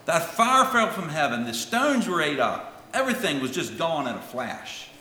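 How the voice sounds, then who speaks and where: A man preaching a sermon, swinging from loud calls to hushed lines, and reading scripture in old-fashioned wording. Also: on the high side, very animated, normal speed. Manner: reads scripture in King James wording. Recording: echoey hall with long reverb.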